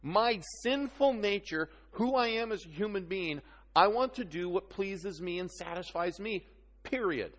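A man preaches to a room in an easygoing, teasing way, often pausing to check that everyone follows. His voice sits a little high for a man. The sound carries a long hall reverb. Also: lively intonation. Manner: conversational, teasing, checks in with "okay?". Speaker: pastor. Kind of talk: sermon.

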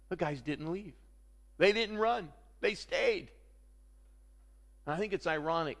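A man preaching a sermon, animated, swinging between loud outbursts and hushed remarks. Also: mid-range voice, big-room sound. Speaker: pastor.

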